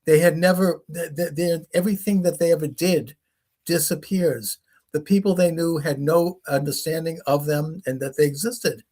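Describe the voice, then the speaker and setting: His voice sits a little high with a darkish tone, moving at a normal speed. As the host of a talk show, he wanders through retold stories in casual conversation, imitating the people he quotes.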